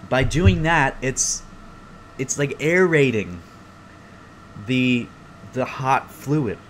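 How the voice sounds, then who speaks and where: A young man hosting his own podcast alone, rambling through stories in a casual, profane, animated way. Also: mid-range voice, drawn-out words, slight background noise. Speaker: podcast host. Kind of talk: casual solo podcast rant. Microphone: close podcast mic.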